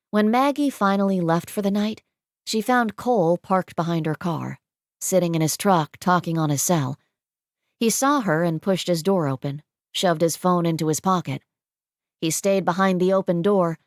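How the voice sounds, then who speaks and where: A woman narrating a romance audiobook in a steady, measured reading. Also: on the low side, no room sound, studio quality.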